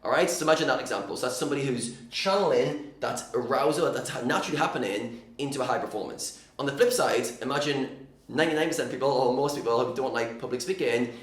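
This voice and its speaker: A man's voice: mid-range voice, fast talker, roomy sound. Man coaching, constant "all right?". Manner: frequent "all right?" check-ins, energetic and direct. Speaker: poker mindset coach. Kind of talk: casual teaching monologue.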